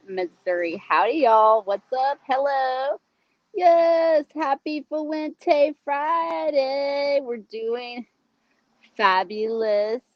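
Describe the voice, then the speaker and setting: A woman's voice: mid-range voice, no echo, highs cut off. A woman with a Southern American accent hosting a casual livestream, chatty and bubbly, greeting viewers and reading their comments. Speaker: livestream host.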